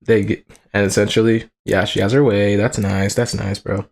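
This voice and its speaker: A man's voice: lowish voice, normal speed, vocal fry. A young man streaming live in casual commentary, talking in slang with lots of swearing and frequent laughter. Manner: slangy, profane, laughs often, excitable. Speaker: livestreamer.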